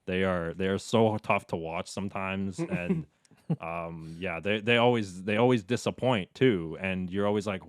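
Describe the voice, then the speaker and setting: A man's voice: low voice, normal speed, dry recording, clean studio sound. A man, a sports broadcaster guest, chatting casually and rambling with frequent restarts. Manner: rambling, many restarts, breaks into animated mock quotes. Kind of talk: casual chat.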